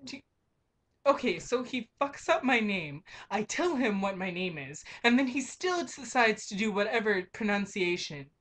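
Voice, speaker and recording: A woman's voice: medium pitch, expressive, moderate pace, fairly bright tone. A young woman working as a grocery clerk, ranting in an exasperated, emphatic way with frequent swearing. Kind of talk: ranting vlog monologue.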